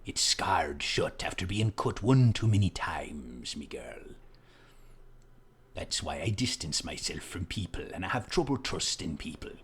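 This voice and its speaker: A man voicing a gruff, boozy male pirate who talks in salty sea-dog slang over a video game. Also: deep voice, sing-song, a little slow, fairly bright tone, pitched below the performer's own voice, full character voice. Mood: brooding.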